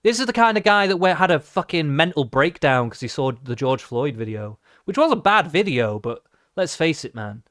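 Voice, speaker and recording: A man's voice: a little high, big pitch swings, normal speed, a bit bright, no echo, studio quality. A man ranting and cursing through a live reaction stream, mocking what he watches.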